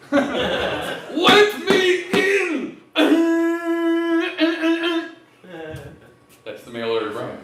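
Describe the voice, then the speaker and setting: A man doing a live stand-up set on a restaurant stage, crude and loud, laughing at his own jokes. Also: on the high side, recorded from a distance, heavy background noise. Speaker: stand-up comedian. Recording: echoey room heard from afar.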